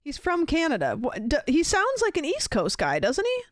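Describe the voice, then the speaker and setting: A woman's voice: high-pitched, huge pitch swings, moderate pace, no echo, studio quality. A woman streaming a game live, chatting casually, rambling and curious with lots of fillers and questions. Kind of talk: casual live-stream chat while gaming.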